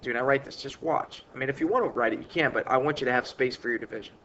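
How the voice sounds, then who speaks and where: A man teaches math in a relaxed, chatty classroom voice at a middle pitch. He hammers important points by saying them again and again. The sound is dull and lo-fi, with a faint hiss underneath. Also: fast talker. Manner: informal, repeats key points with emphasis. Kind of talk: recorded math lesson.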